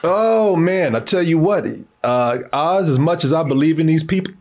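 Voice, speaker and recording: A man co-hosting a livestream in casual chat, animated and quick to laugh. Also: fairly high pitch. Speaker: stream co-host.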